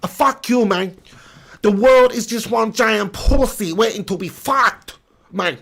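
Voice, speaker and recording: A man's voice: high-pitched, a little slow, vocal fry, a bit bright, heavily acted. A man doing a swaggering macho gangster. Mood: menacing. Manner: tough, tags every line with "man". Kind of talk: live impression for a stream chat.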